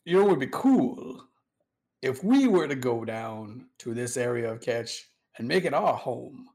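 A man's voice: mid-range voice, very animated, measured pace, darkish tone. A man voicing an old male Southern general who makes bold, drawling declarations. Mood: proud.

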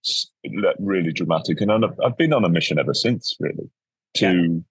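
A man tells stories as a guest in a relaxed interview. His voice is low and a bit husky. He acts out the people he quotes, and the recording is dry with little room sound. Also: moderate pace, dry recording. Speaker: educator guest. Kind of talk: casual interview storytelling.

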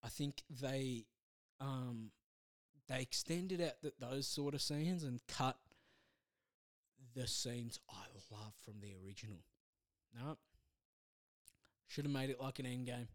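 A podcast host with a medium-pitched voice rambles casually through a movie review on his own show. He makes self-deprecating asides and keeps stopping and restarting his sentences.

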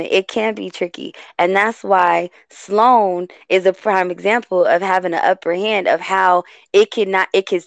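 A woman from the West Coast hosting a casual talk, rambling and animated, often stopping herself mid-thought. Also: mid-range voice, gravelly, no echo. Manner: animated, rambling, self-interrupting. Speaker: host. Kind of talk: casual talk show chat.

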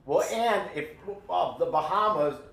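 A man's voice: on the high side, lively intonation, measured pace, gravelly, fairly bright tone. A man co-hosting a podcast in casual chat, blunt and argumentative, swearing freely. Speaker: podcast co-host. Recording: echoey room.

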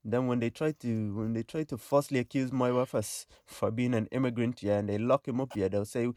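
A man's voice: mid-range voice, fairly even intonation, brisk, warm tone, dry recording, studio quality. A young man with a Dublin accent, co-hosting a casual podcast and teasing his friends, repeating himself as he cuts in. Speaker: podcast co-host. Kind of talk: casual banter among friends.

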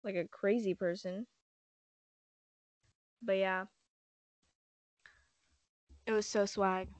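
A woman's voice: mid-range voice, fairly even intonation, takes it slowly, a little mellow, no echo. A young woman chatting casually who rambles, swears freely and says "like" a lot. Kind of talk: casual chat.

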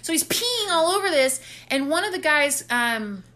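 Bright-voiced woman recapping a film. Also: high voice, moderate pace. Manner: animated storytelling, acts out characters' lines. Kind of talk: casual movie recap chat.

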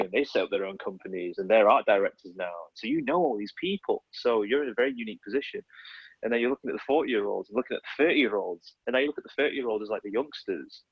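A man's voice: lowish voice, slightly rough, no echo, dull audio. A man in his thirties, an illustrator, chatting casually in a podcast and rambling with many fillers and self-corrections. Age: 30s.

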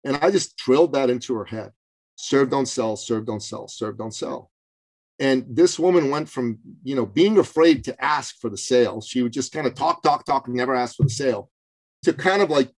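A man from Canada telling a story as a guest on a podcast, in an animated and emphatic way. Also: medium pitch, dry recording, poor audio. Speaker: podcast guest, business coach. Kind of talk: interview storytelling.

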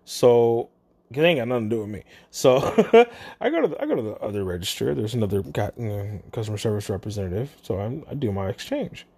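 Animated storytelling vlogger. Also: medium pitch, a little fast, husky. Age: adult, parent. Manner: animated, swings between mutters and exclaims. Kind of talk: casual storytelling.

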